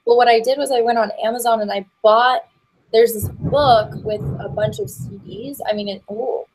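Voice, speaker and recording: Rambling young actress guest. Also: female voice, a little high, fairly even intonation, moderate pace, noisy background. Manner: rambling, many fillers and restarts, stop-start. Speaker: guest, actress and voiceover performer. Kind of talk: casual interview chat.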